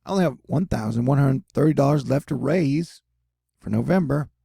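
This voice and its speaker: Gravelly, relaxed man chatting casually. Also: mid-range voice, a little fast, dry recording, clean studio sound. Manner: laid-back, jokey, slangy with frequent asides. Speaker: solo news video host. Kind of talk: casual talking-head commentary.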